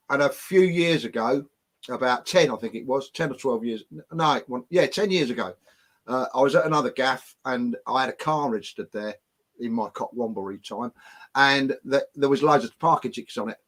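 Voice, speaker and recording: A man holds forth on a live stream, blunt and defiant, his speech full of swearing. His voice sits at an ordinary middle pitch as he spins a long yarn in casual chat. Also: normal speed, fairly bright tone.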